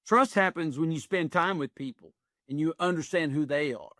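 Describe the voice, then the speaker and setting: A man's voice: fairly high pitch, moderate pace, a bit bright, no room sound, studio quality. A man in his sixties, an executive coach, telling stories in earnest with folksy phrasing in a podcast interview. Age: 60s.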